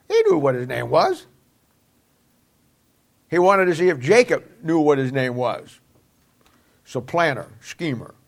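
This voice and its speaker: Folksy male Bible teacher preaching. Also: mid-range voice. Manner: folksy, conversational preaching with rhetorical questions. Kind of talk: sermon-style Bible lesson.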